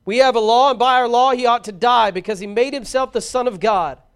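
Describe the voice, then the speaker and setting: A man reading the shouts of an angry crowd of chief priests, loud and insistent. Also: sits high, a little fast, pitched above the performer's own voice, natural voice.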